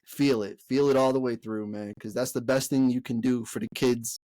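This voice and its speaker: A young man co-hosting a podcast, talking in a relaxed, slangy way with lots of fillers and swearing. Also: mid-range voice, normal speed, dry recording. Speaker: podcast co-host. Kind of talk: casual chat.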